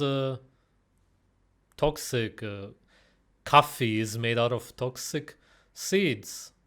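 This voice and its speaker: A man's voice: mid-range voice, a bit bright. A man giving mocking, sarcastic reaction commentary on a video. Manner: scornful, sarcastic.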